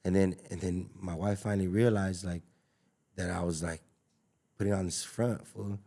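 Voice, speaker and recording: A deep, mellow voice with little pitch movement belongs to this Los Angeles taco business owner, who speaks at normal speed. Guesting on a podcast, he tells his story casually, in an emphatic and slangy way with plenty of fillers and repetition.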